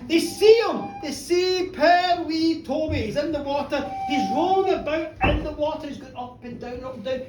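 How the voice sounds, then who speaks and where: Cheeky middle-aged lady telling a story live, high voice, echoey room from far off. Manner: animated, cheeky, chats with the audience. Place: pub bar, live show. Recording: roomy pub, from a distance, faint room noise.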